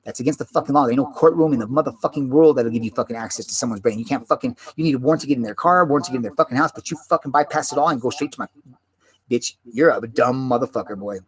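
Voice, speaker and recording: A man with a mid-range voice races through a rambling, agitated rant, swearing nonstop and repeating himself.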